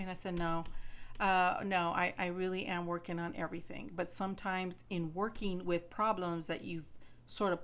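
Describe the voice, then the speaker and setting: A woman's voice: on the low side, a bit bright. A woman in her fifties chatting casually to her viewers, retelling a doctor visit and often repeating her words. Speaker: vlogger. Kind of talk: casual chat to camera.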